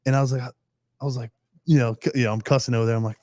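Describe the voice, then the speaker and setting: A man's voice: medium pitch, steady tone, quick pace, a little mellow, no room sound, clean studio sound. A young man, a pro football player, telling stories as a podcast guest, rambling and laughing often, with casual cursing.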